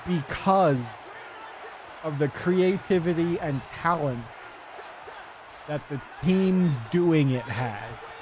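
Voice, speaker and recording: Slow chill streamer guy, rambling at his chat, curses a bit, bit of a higher voice. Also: a crowd in the background, background noise. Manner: rambling, swears, answers chat. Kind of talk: casual livestream chat.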